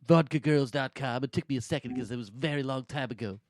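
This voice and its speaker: A man's voice: medium pitch, quick pace, darkish tone, no echo, clean studio sound. A man hosting a comedy podcast roast, rambling through stories and laughing at his own jokes. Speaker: podcast host. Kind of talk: casual comedic podcast banter.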